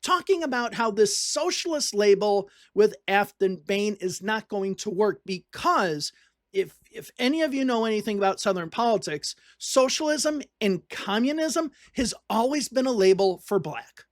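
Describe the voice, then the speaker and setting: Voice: mid-range voice, expressive, moderate pace, no echo, studio quality. A political commentator from the northern United States, talking casually and reading on-screen text aloud, often repeating points for emphasis.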